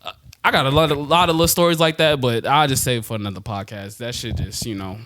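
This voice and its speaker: A young man on a podcast, casually telling a story in slangy, animated talk and laughing often. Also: medium pitch, fast talker, dry recording, studio quality. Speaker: podcast co-host.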